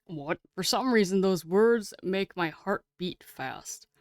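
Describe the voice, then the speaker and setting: Excitable, swearing female streamer. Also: mid-range voice, slow, dry recording, clean studio sound. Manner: excitable, swears casually, chatty. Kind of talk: reading a game aloud and chatting with viewers.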